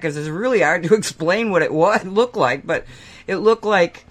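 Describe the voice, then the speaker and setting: A woman's voice: on the low side, fairly quick, fairly bright tone. Chatty woman spinning a rambling story. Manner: rambling storyteller, laughs often and acts out quotes. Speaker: host. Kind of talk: casual chat.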